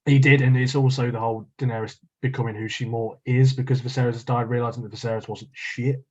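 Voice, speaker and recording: A man chats and laughs easily, swearing now and then. His voice is a little husky. The recording sounds dull and lo-fi. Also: mid-range voice, little pitch movement, quick pace. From English Midlands. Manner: laughs often, swears casually. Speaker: podcast co-host. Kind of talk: casual chat.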